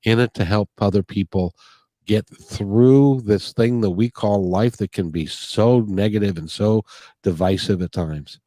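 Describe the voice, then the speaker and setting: A man's voice: lowish voice, unhurried, warm tone, dry recording, studio quality. A man hosting a podcast interview, talking in an earnest, rambling way full of restarts. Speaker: podcast host. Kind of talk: casual interview talk. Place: near Puget Sound.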